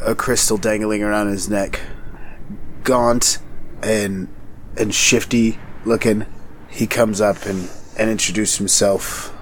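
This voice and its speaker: A man playing a tabletop game, narrating his character in an unhurried, halting way. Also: on the low side. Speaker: player. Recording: background noise.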